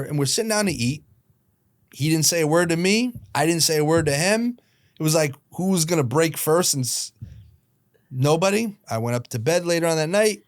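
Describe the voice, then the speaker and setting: Guest storyteller, male, late 30s: animated, jumps into quoted voices, dry close mic. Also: fairly high pitch, dry recording. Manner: lively retelling, acting out quoted voices, quick asides. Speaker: guest, hockey team founder. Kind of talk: storytelling in a podcast interview.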